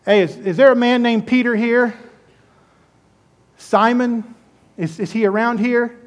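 A man's voice: extremely high pitch, fairly even intonation, a little slow, pitched above the performer's own voice. A man voicing casual messengers calling out at a gate for someone.

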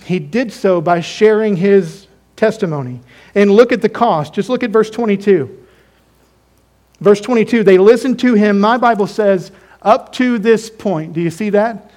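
High-voiced emphatic male preacher. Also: measured pace, darkish tone. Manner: emphatic, repeats phrases, asks the congregation questions. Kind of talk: sermon.

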